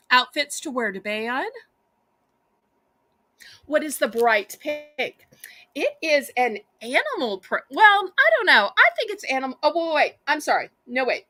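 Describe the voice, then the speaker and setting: A woman's voice: high voice, bright, forceful tone, no echo. A woman with a Southern US accent hosting a live home-shopping auction, chatty and sweet, calling the viewers y'all.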